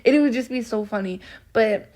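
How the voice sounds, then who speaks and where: A soft-spoken young woman with a bubbly manner, rambling through a casual storytime with lots of fillers. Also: on the high side, a little fast. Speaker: vlogger.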